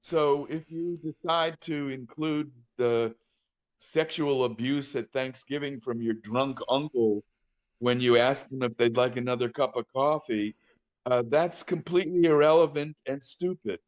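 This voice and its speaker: Older male casting director, candid storyteller, halting delivery, mid pitch, slightly dull recording. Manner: frank, anecdotal, frequent "uh" and restarts. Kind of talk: interview conversation.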